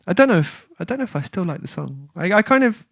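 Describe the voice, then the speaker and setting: A man's voice: sits high, sing-song, fast talker, gravelly, a bit bright, no room sound, studio quality. A man hosting a music livestream, chatting casually and reading viewer comments. He rambles, breaks off and restarts as he tells a story. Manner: rambling, self-interrupting storyteller.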